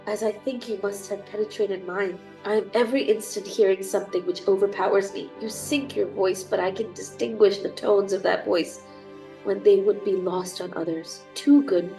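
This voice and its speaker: A woman's voice: medium pitch, mellow, low-quality recording. A young woman with a cold, streaming a dating sim and reading its text aloud with chatty, gushing asides. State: has a cold. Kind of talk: reading game text aloud with casual commentary.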